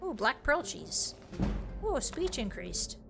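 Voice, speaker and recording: Bright, excitable woman streamer. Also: on the high side, creaky, faint music behind. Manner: excitable, quick to exclaim, playful pirate talk. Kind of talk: casual gameplay commentary.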